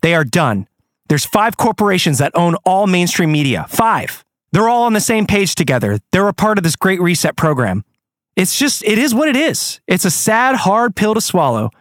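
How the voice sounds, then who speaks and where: Angry ranting man, lively swearing. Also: sits high, normal speed, no room sound, studio quality. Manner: angry, profane, animated. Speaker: podcast host. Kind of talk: ranting monologue.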